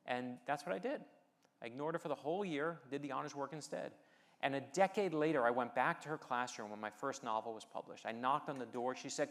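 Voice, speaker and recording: A man's voice: mid-range voice, fairly quick, a bit bright. A middle-aged man from the United States delivering a motivational speech, telling personal stories with light humor and rallying the audience. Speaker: keynote speaker and novelist.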